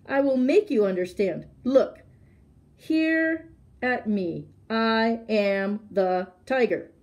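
A woman's voice: a little high, moderate pace, muffled recording, pitched above the performer's own voice, close to an everyday voice. A woman voicing an angry, impatient male tiger who bellows and roars his lines. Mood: furious. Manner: bellowing, roaring, shouting.

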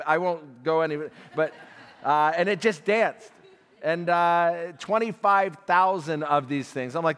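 A man's voice: fairly high pitch, normal speed. A man telling his own story as a speaker at a church Bible class, acting out dialogue as he goes. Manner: animated storyteller, acts out dialogue, chuckles. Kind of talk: storytelling testimony talk. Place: church hall. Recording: long hall reverb.

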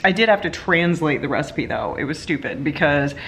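An American woman vlogger chats casually at home in a playful, giggly way, now and then putting on a silly voice. Her voice is low, expressive, fairly quick and fairly bright, with slight background noise.

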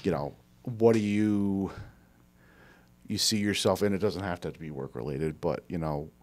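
A man's voice: low-pitched, unhurried. A man hosting a casual podcast chat, telling rambling anecdotes and acting out quoted people. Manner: rambling storyteller, animated quoting. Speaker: podcast host.

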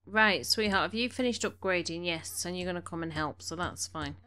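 Brisk and sharp-toned, her lowish voice carries a casual gameplay commentary recorded in a room at home. She chats along, bosses her game characters about, and sounds a bit snuffly with allergies.

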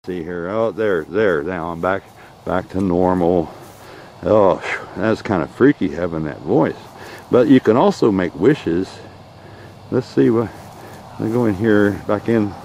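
A man's voice: low-pitched, unhurried, gravelly, a little mellow, slight background noise. A man narrating a casual outdoor vlog in a folksy, meandering way. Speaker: vlogger. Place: outdoors in a rural yard.

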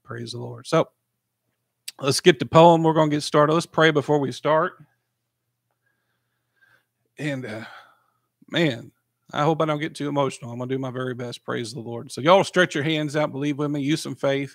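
A man's voice: fairly high pitch, gravelly, fairly bright tone, no room sound, studio quality. A man, a pastor talking on his podcast and praying, emotional and often repeating praise. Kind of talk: podcast sermon and prayer.

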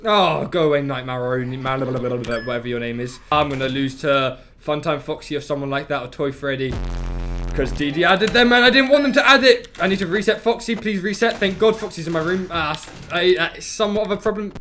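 A young man with a high, bright voice narrates his gameplay in quick, muttered bursts of button calls. He keeps erupting into frantic yelps and shouts as the game surprises him, and a faint hiss sits under the audio. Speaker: gameplay streamer. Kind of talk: let's play commentary.

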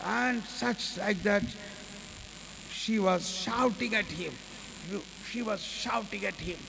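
A man preaches in a slow, unhurried storytelling way, guiding listeners into prayer and calls of hallelujah. His voice sits high with a gravelly edge. It rings out in a reverberant hall over a faint electrical hum. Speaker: preacher leading a workshop.

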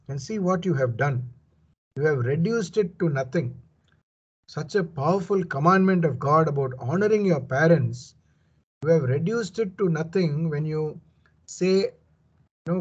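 A man's voice: a little high, darkish tone, slightly rough, lo-fi sound. A man giving a verse-by-verse Bible commentary, reading passages and explaining them earnestly and emphatically, often saying "you know". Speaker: Bible teacher.

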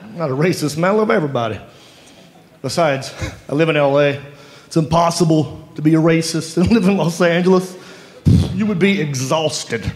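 A man's voice: on the high side, moderate pace. A man with a Southern accent from North Carolina doing a self-mocking stand-up comedy set on stage. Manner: drawling, self-mocking punchlines. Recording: roomy club with audience laughter. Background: audience laughing.

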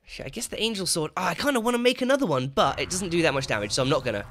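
A man giving excitable let's play commentary, swearing and shouting at the game as he plays. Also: a little high, rapid-fire, slight background noise. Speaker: gaming channel host. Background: game music and sound effects.

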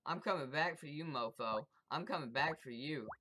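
A let's-play commentator with a bright, sharp-edged voice, taunting enemies and cursing freely. Startled moments bring sudden yelps. Underneath there is a faint hiss of background noise. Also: medium pitch, moderate pace. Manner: excitable, profane trash talk with sudden yelps; taunts the game's enemies directly. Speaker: gameplay commentator.

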